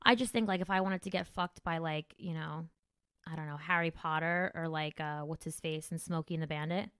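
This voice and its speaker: A woman comedian hosting a casual podcast chat, crude and animated, swearing freely. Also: deep voice, a little fast, clean tone, no echo, clean studio sound.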